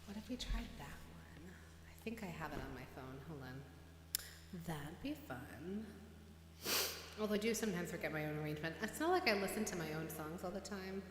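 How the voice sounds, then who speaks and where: A woman musician chats casually between songs on her livestream, rambling and poking fun at herself. Her voice sits a little low. It rings out in a roomy space with a long reverb tail and a faint hum underneath. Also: animated, a little fast. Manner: chatty, rambling, self-deprecating, laughs often.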